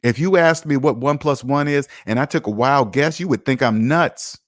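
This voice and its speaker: A man runs a personal finance livestream, speaking at a moderate pace in a medium pitch. His style is casual yet emphatic and preachy as he lectures viewers and reads out what they've commented.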